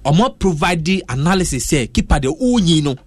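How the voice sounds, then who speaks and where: A man's voice: on the high side, sing-song, fairly quick, slight background noise. A man giving football analysis on a radio show. He talks emphatically, with hesitant restarts and pidgin turns.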